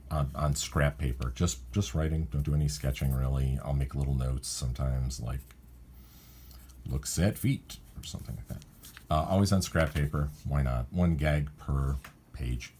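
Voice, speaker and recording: Male cartoonist with a very low, dark, husky voice who rambles and self-corrects as he explains his writing. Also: normal speed, a little hiss or hum. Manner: rambling, thinking aloud, often correcting himself. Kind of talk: casual walkthrough of his writing process.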